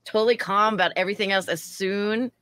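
A woman's voice: quick pace, clean tone. A woman podcast host chatting casually, telling a story from her bartending shift and acting out the people in it. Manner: animated, acts out quoted people in higher voices.

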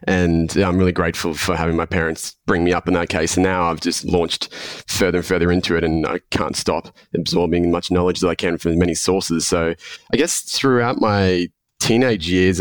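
A man from Australia with a Melbourne accent, a podcast guest who talks in a relaxed way with many fillers and hedges. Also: low-pitched, dry recording. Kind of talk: casual interview talk.

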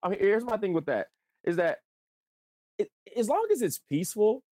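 A man co-hosting casual sports talk, animated and profane. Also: moderate pace, dry recording. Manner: animated, profane, jumps up in pitch. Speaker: sports podcast co-host.

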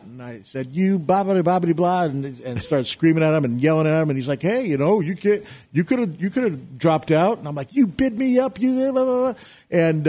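A middle-aged man recounting a story as a talk show guest. He tells it with energy and acts out his own shouting in the retelling. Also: a little high. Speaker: guest, real estate investor.

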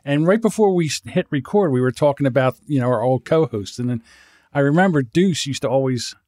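A man's voice: medium pitch, expressive, brisk, a little mellow, dry recording, clean studio sound. A man co-hosting a podcast, rambling and swearing freely, often laughing. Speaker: podcast co-host. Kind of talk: casual podcast banter.

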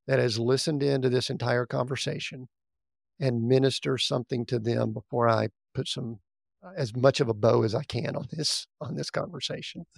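A man hosting a faith podcast, gently and a little haltingly guiding the conversation. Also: medium pitch, steady tone, vocal fry, dry recording, clean studio sound. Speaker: podcast host. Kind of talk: interview hosting.

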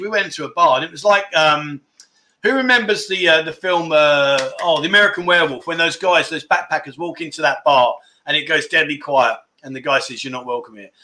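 A livestream host in his fifties with a sharp voice on the high side keeps it casual, chatting with his audience and reading their comments between rambling tales.

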